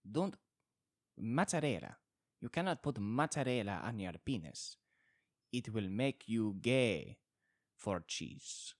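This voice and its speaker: A man voicing a melodramatic mock-Italian man with a fake Italian accent, slow and theatrical. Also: fairly low pitch, no room sound, clean studio sound. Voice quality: slow, theatrical, drawn-out delivery.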